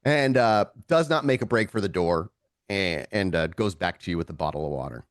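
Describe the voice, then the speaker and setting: A man's voice: low voice, brisk, no room sound. Man narrating as game master, dry sound. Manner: relaxed, rambling narration.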